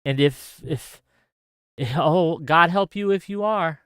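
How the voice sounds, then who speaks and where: Male commentator, upset, halting and emphatic, clean crisp voice, bright tone. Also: fairly high pitch, no room sound, clean studio sound. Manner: emphatic, halting, repeats himself. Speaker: online commentator. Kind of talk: reaction commentary on video clips.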